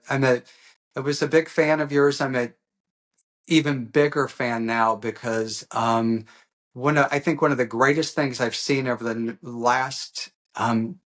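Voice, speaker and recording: A man, an author being interviewed, speaking earnestly and emotionally with frequent hesitant pauses. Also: mid-range voice, fairly bright tone. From USA. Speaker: author guest. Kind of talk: heartfelt interview conversation.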